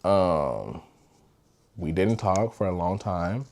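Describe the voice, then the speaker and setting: A man's voice: sits low, lively intonation, slow pace, darkish tone. Young man telling a candid storytime. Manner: candid, rambling, swears freely. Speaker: podcast host. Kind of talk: casual storytime.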